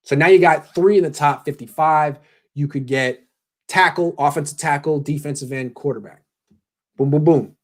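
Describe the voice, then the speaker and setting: Male host for a casual live sports stream; brisk, opinionated delivery. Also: on the high side.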